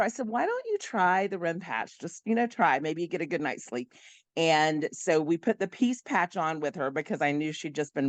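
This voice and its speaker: A woman's voice: low-pitched, no room sound. A middle-aged woman telling product testimonials in a casual, chatty way on a video call, with frequent "you know" and "like" fillers. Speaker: product distributor sharing testimonials.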